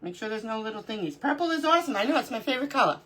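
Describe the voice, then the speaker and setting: A woman's voice: fairly high pitch, lively intonation, racing, a bit bright. A middle-aged woman hosting a live crafting stream, chatting casually, greeting viewers by name and talking to herself as she works. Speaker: livestream crafting host.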